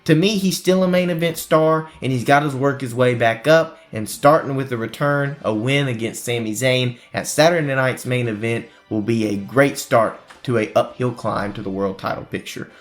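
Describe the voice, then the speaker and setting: A man hosting a casual wrestling prediction chat, recapping storylines in an animated way. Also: medium pitch, normal speed, hardly any pauses. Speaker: wrestling podcast host.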